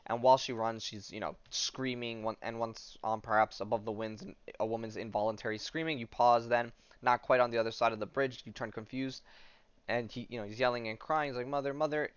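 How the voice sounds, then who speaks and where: A man hosts a podcast, walking through a comic story in a loose, meandering way, stopping often on "um" and "like." His voice is smooth and sits at a middling pitch. The sound is dry and slightly dull and lo-fi. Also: a bit bright, dry recording. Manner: hesitant, full of ums and likes. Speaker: podcast host. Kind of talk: casual comic book recap, reading passages aloud. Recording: dull lo-fi audio.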